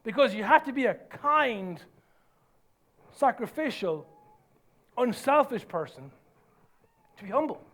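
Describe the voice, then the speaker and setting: A man preaching a sermon as pastor, emphatic and earnest, dropping to soft low lines for effect. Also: sing-song, unhurried, long pauses.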